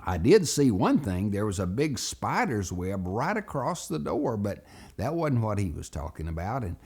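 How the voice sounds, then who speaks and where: Animated, gravelly male storyteller. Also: fairly low pitch, normal speed. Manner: animated, acts out voices. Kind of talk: children's storytelling lesson.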